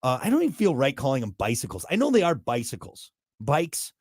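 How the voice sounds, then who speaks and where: A man's voice: mid-range voice, wildly swooping pitch, brisk, a little mellow, husky, dry recording, clean studio sound. A man in his thirties hosting a morning radio show, chatting casually with a joking, rambling, self-mocking manner. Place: radio studio.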